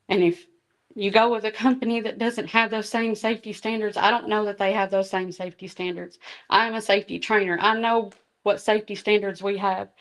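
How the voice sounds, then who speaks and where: Woman, middle-aged, earnest public comment, emotional, reading notes. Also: medium pitch. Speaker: school bus driver and safety trainer. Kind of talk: public comment at a board meeting.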